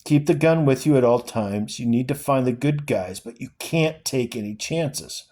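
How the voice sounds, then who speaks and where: A man reading aloud and voicing a dying father who gently urges his son on. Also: mid-range voice, lively intonation, normal speed, close to an everyday voice. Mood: tender. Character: dying father, weary, tender and steadfast.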